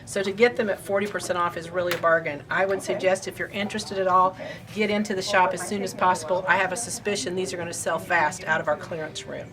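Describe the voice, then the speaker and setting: A woman's voice: fairly low pitch, steady tone, fast, a crowd in the background. A woman from Indiana hosting a casual shop update, chatty and rambling, laughing easily. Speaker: quilt shop owner and host.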